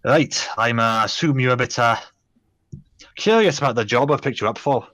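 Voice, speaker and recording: A man voicing a gruff, scarred male dwarf quest-giver in a rough Scottish accent. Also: mid-range voice, moderate pace, a bit bright, natural voice. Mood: businesslike. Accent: Scottish (put on, poor).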